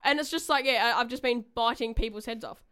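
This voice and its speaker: Brief: young woman, radio co-host, crisp and smooth, loose and frank storyteller. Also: fairly high pitch, quick pace, pushed and bright. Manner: candid rambling storyteller, swears freely. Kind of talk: casual radio chat.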